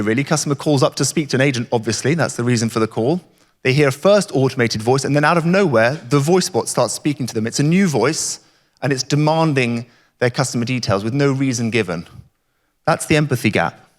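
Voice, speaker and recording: Man, conference speaker, emphatic, rhetorical, mid pitch, long hall reverb. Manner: emphatic, rhetorical, repeats catchphrases. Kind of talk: keynote talk.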